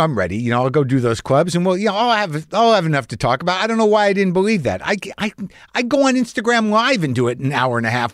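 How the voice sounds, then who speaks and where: A man's voice: a little high, dry recording. Brief: male podcast host, profane rambling storyteller, dry close sound. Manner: profane, rambling, self-questioning. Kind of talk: storytelling monologue.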